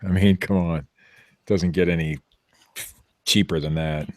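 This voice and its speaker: A man's voice: low-pitched, fairly even intonation, unhurried, no echo, clean studio sound. A man hosting a podcast, joking and rambling with restarts in casual banter. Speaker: podcast host.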